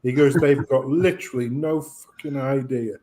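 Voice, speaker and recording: A British man on a casual chat show, ranting profanely and telling an animated story. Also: mid-range voice, normal speed.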